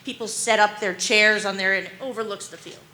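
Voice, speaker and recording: A woman in her forties with a mid-range voice does stand-up storytelling at a brisk pace, with a little hiss or hum in the audio. Her stories ramble animatedly, crammed with "like" and "um," and her humor is self-deprecating and anxious.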